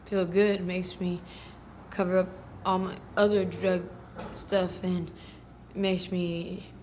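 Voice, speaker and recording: Woman interviewee, low monotone, terse answers, noisy street recording. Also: takes it slowly. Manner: short, blunt answers.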